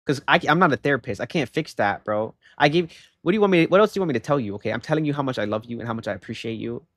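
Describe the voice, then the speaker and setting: A young man chatting casually on a livestream, telling a story in an animated way and rising into loud exasperation. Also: medium pitch, rapid-fire, no echo, clean studio sound. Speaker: live streamer.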